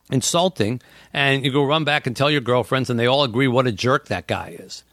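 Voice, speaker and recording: A man's voice: mid-range voice, a little fast, a bit bright, no echo, clean studio sound. A man hosting a casual talk, explaining ideas and acting out what people say. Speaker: host. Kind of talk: casual podcast chat.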